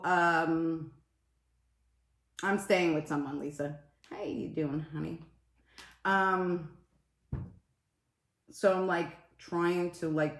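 A woman's voice: fairly low pitch, a bit bright, roomy sound. A woman on a casual live stream, swearing a lot and greeting viewers in the middle of her story.

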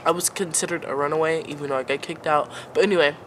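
A woman's voice: low voice, fairly even intonation, fast, fairly bright tone, slight background noise. A young woman in her late teens telling a casual storytime vlog, rambling and filling nearly every phrase with "like" and "um.". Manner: rambling, filler-heavy, says "like" constantly. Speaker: vlogger.

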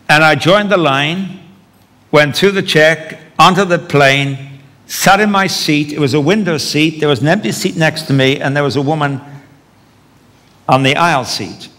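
A man's voice: on the high side, pushed and bright. A man preaching a sermon, telling a story with wry humor as he teaches. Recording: long hall reverb.

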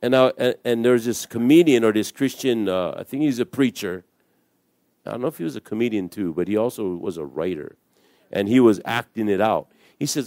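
A man's voice: on the low side, brisk, mellow, no room sound, studio quality. A male pastor, preaching a storytelling sermon full of jokey asides and acted-out voices. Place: church.

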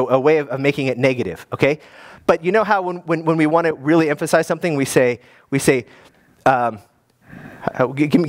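A man, a guest pastor, preaching a sermon in a lively, conversational way with many restarts. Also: fairly high pitch.

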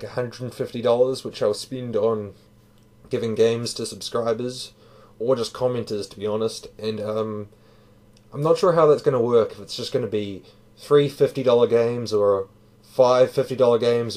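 A man's voice: mid-range voice, a little mellow. A man giving a casual spoken review, tired, talking loosely and profanely with fillers. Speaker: manga reviewer.

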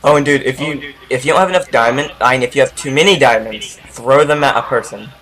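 A young man chatting excitedly while playing a game with a friend, often laughing and getting loud. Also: mid-range voice, fast talker. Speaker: gamer. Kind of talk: casual gaming chat.

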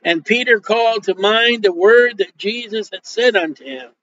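A man preaching a sermon in a joking, animated way. He acts out quoted dialogue as he goes. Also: high voice, moderate pace, hardly any pauses. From Polish Roman Catholic upbringing. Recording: dull lo-fi sound.

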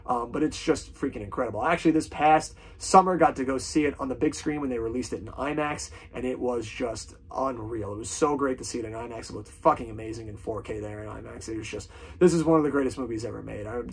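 A man's voice: mid-range voice, breathy edge. A man casually ranking films on his vlog, gushing with fan enthusiasm and swearing freely. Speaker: film reviewer.

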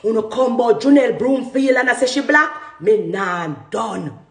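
A woman's voice: on the high side, moderate pace, a little hiss or hum. Fiery Jamaican woman ranting in an echoey room. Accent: Jamaican Patois. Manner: fiery, defiant, repeats herself for emphasis. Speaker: social media vlogger. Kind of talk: heated rant to camera.

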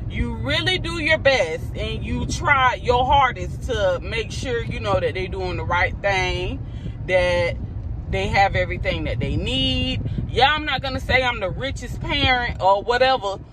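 A woman's voice: a little high, expressive, measured pace, background noise. A mother venting to her vlog audience from her car, exasperated and swearing. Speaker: vlogger and mother. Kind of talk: ranting vlog. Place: parked car.

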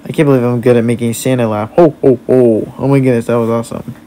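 Playful guy doing a let's-play, mid pitch, silly and excitable, slight noise behind. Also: rapid-fire. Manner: goofy, playful, exclaims often. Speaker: gamer narrating a playthrough.

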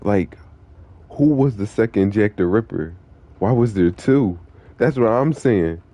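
A man's voice: on the low side, animated, measured pace, dark tone. Laid-back profane young male streamer. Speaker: game streamer. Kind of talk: casual live-stream chat.

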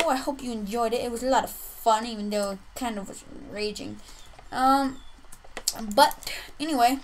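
Slow-talking young woman gamer, playful trash talk. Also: on the high side, a little hiss or hum, poor audio. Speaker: gaming youtuber. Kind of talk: casual gameplay commentary.

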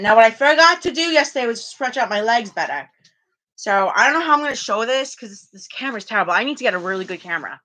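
A bright-voiced, chatty woman vlogs her home workout live from a small room, talking casually to viewers and the live chat. Her voice is on the high side, expressive and quick, and she rambles and restarts often, with a rough camera or phone recording.

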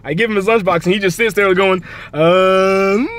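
A man's voice: high-pitched, steady tone, fast talker, a bit bright. A young man vlogging, crude and joking, laughing a lot as he chats in a car. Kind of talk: casual joking chat.

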